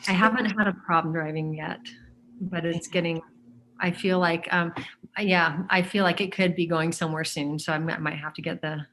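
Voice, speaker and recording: A woman speaks as a guest in a relaxed conversation. She is hesitant, often trailing off and filling gaps with "um" as she hunts for words. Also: on the low side, moderate pace, a little hiss or hum. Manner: hesitant, searches for words with many fillers. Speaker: interview guest. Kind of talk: casual conversation.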